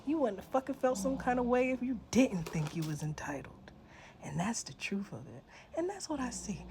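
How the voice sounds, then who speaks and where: A woman's voice: fairly low pitch, vocal fry, husky. Blunt, profane woman ranting. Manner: blunt, profane, swings between loud outbursts and hushed asides. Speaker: social media creator. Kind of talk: casual vlog rant.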